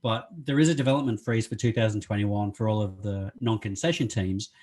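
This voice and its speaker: A man's voice: lowish voice, fairly even intonation, fairly quick, darkish tone. A man co-hosting a podcast in casual chat, talking freely and laughing often. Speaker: podcast co-host.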